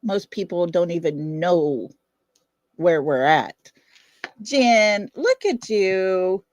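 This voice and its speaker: Southern lady going off on her livestream, blunt and defiant, talks slow, dead dry room. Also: fairly low pitch, lively intonation, darkish tone, no room sound. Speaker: livestream host. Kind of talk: casual livestream chat.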